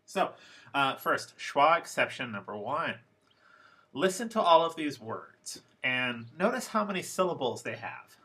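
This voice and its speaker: Bright-voiced man teaching pronunciation. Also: medium pitch, big pitch swings, husky. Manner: slow, deliberate, repeats example words. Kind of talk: classroom lecture.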